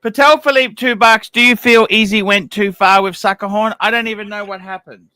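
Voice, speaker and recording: A man's voice: high voice, steady tone, a little fast, pushed and bright, smooth, dry recording. A man hosting a casual livestream chat, asking blunt, provocative questions. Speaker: livestream host.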